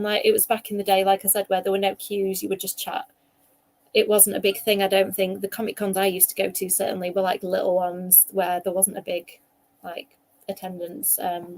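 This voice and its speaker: A woman's voice: mid-range voice, a little mellow. A woman, chatting casually and telling rambling stories with lots of fillers. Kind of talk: casual chat about fan conventions.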